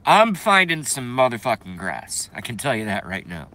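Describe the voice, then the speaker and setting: A man's voice: mid-range voice, very animated, moderate pace, pushed and bright. A man hosting a casual livestream, reading viewer comments and ranting bluntly with profanity, congested and coughing now and then. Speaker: livestream host.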